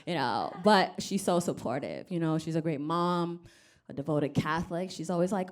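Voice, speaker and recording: A woman's voice: sits low, expressive, normal speed. A woman from Rwanda doing a stand-up comedy set on stage, wry and self-deprecating, acting out other people's voices. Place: comedy club stage with live audience.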